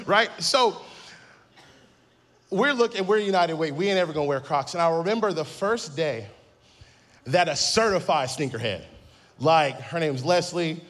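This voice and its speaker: A man's voice: a little high, normal speed, pauses often. A man in his thirties preaching a sermon, telling a funny story and acting out the quotes. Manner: lively storytelling with acted-out quotes and humor. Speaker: pastor.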